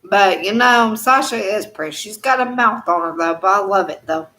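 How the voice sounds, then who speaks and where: A woman's voice: medium pitch, moderate pace, bright, forceful tone. A woman hosting a casual live chat at home, rambling and laughing often, with many fillers.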